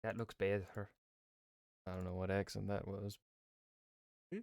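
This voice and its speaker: A man's voice: on the low side, unhurried, creaky, long pauses, no room sound. Offhand muttering male streamer. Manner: mutters and hums to himself, swears, flat offhand complaints. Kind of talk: casual live-stream chat while gaming.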